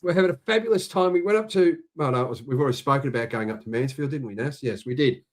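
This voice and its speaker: A man's voice: medium pitch, rapid-fire. A middle-aged Australian man co-hosting a casual livestream, chatty as he reads out viewers' greetings. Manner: chatty, reading out viewer shout-outs. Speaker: livestream co-host. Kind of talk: casual chat.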